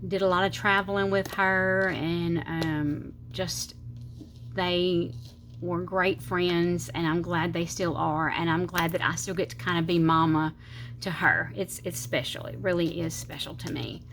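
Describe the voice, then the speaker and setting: A woman's voice: lowish voice, steady tone, unhurried, a bit bright, a little hiss or hum. A middle-aged woman with a Southern US accent, chatting casually and rambling as she decorates her planner, with slightly slurred speech, sometimes counting under her breath. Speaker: planner channel host. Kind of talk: casual chatty crafting vlog.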